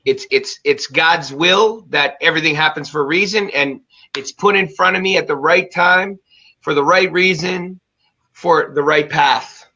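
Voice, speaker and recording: A male host talks with emphatic, fired-up energy, his voice forceful and bright and pitched a little high. The sound is somewhat dull and lo-fi. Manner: fired-up, emphatic and fast-talking. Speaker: show host. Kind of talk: energetic conversational interview.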